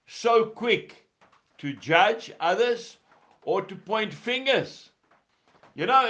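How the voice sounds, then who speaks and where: Slow, earnest high-voiced male preacher. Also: a bit bright, lo-fi sound. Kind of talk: sermon. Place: indoors under a tin roof in rain.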